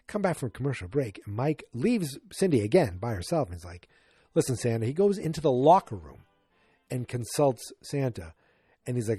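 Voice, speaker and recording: A man hosting a podcast, recapping an old sitcom episode in a rambling, excitable way. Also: medium pitch, moderate pace, husky, no room sound, clean studio sound. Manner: rambling, excitable, frequent restarts. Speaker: podcast host.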